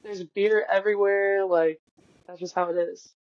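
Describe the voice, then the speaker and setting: A woman's voice: mid-range voice, fairly even intonation, dry recording. Laughing woman guest, dull lo-fi sound. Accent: Wisconsin. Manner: laughing, quick interjections. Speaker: podcast guest. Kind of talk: casual chat.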